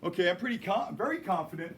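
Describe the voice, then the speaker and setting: A man's voice: high voice, expressive, fast, fairly bright tone. A man teaching a chemistry class, explaining and joking with his students as he goes. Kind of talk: classroom lecture.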